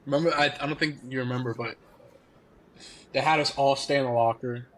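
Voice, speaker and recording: A man's voice: mid-range voice, fairly quick, poor audio. A young man in his twenties telling a funny story in casual podcast chat, laughing often as he goes. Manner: laughing, animated anecdote telling. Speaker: podcast guest.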